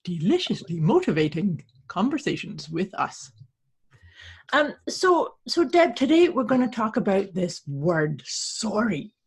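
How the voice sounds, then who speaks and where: A woman's voice: mid-range voice, sing-song, a little slow, slightly rough. A woman co-hosting a podcast, chatting casually as a therapist and affirming her co-host. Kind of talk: casual chat.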